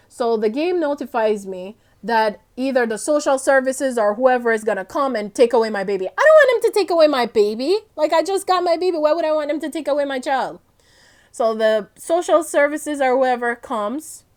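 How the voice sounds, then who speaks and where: A young woman talks through her game session in a loose, chatty way. Her voice sits a little high, and she rambles, laughs often and drifts off her point. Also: darkish tone. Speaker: gaming vlogger. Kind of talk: casual gameplay commentary.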